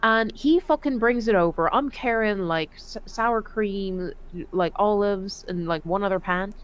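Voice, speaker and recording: A woman who served in the Navy, telling profane, animated stories in a casual voice chat. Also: medium pitch, measured pace, clear, resonant tone. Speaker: Navy veteran storyteller.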